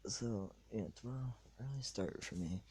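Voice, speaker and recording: A young man hosting a podcast from his bed at night, rambling in a hushed, half-whispered way. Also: on the low side, normal speed, breathy edge. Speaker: podcast host. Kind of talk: casual late-night monologue.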